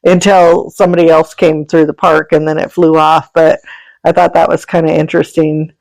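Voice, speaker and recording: In a low, gravelly, slightly mellow voice with a level tone and moderate pace, an animal sanctuary founder and energy healer tells animal stories as a podcast guest, rambling chattily and laughing often. The recording is dry and rough.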